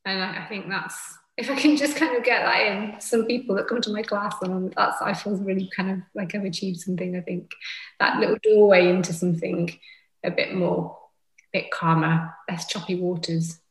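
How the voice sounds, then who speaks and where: A woman, a yoga teacher speaking gently and reflectively as a podcast guest. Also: mid-range voice, fairly even intonation, moderate pace, echoey room, rough recording. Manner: gentle, reflective, with soft fillers. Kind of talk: casual conversation.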